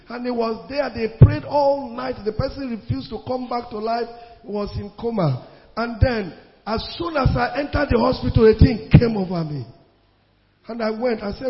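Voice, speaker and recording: Pastor, high gravelly voice, emphatic sermon delivery, long reverb of a big hall. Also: male voice. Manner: emphatic preaching, repeats phrases, swings between loud bursts and quiet asides. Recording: reverberant hall, dull lo-fi sound.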